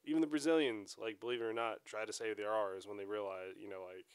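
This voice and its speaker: A man's voice: on the low side, fairly even intonation, fast, clear, resonant tone, no echo. A man co-hosting a podcast in blunt, sarcastic, profane casual chat. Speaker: podcast co-host.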